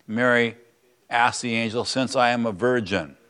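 A man's voice: mid-range voice, normal speed, a bit bright, clear, resonant tone. A man preaching a sermon, reading scripture aloud and adding earnest, emphatic comments in a conversational way. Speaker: pastor.

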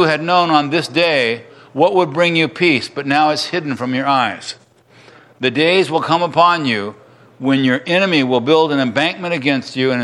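A man's voice: on the high side, fairly bright tone. A middle-aged man preaching a sermon as pastor in a church, acting out crowd cries and restarting his sentences.

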